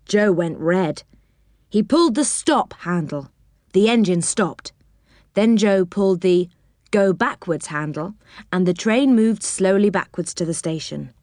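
A woman reading a children's storybook aloud with expressive, animated narration. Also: mid-range voice, unhurried, dry recording, clean studio sound.

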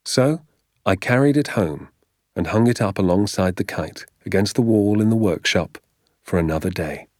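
A man narrating a storybook in a measured, expressive telling. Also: low-pitched, dry recording, studio quality. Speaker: audiobook narrator. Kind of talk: scripted narration.

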